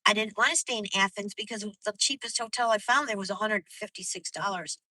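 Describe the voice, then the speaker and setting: A woman's voice: mid-range voice, fairly quick, sharp tone, no echo, rough recording. A woman vlogger live-streaming from her car at night, venting in a rambling, profane, casual way to her viewers. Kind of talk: casual live-stream chat while driving.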